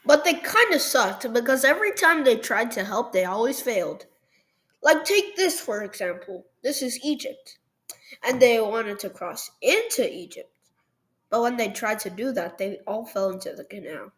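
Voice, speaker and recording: A woman's voice: on the high side, lively intonation, normal speed, a bit bright, poor audio. A woman narrating a history map video at her computer in a loose, jokey way, full of ums and "they were like". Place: at a computer, recording over a screen.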